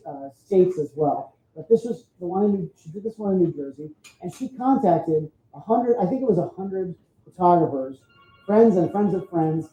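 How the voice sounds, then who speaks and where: A man's voice: high-pitched, warm tone. Chatty man telling stories on stage. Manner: chatty, frequent "right?" tag questions. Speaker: photographer giving an expo talk. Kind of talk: storytelling presentation. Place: expo hall stage. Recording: roomy, dull sound.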